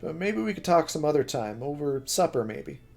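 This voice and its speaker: A man's voice: big pitch swings, moderate pace, creaky, faint music behind. A man playing a brash young pilot. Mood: coaxing. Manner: casual, coaxing, low and quiet. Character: young male pilot, brash, friendly, stubborn.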